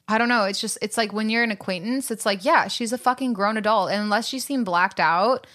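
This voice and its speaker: Animated young woman who swears freely. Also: mid-range voice, a little fast. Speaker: podcast co-host. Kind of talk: casual chat.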